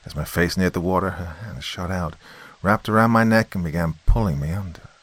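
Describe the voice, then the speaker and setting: A man's voice: low-pitched, brisk, fairly bright tone, no room sound. A man voicing a protective, stubborn uncle in a spoken horror story, talking in an urgent, shaken way.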